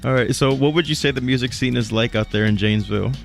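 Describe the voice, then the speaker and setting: A male radio host running a casual interview, relaxed and quick to laugh along with his guest. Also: mid-range voice, creaky, faint music behind. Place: radio station studio.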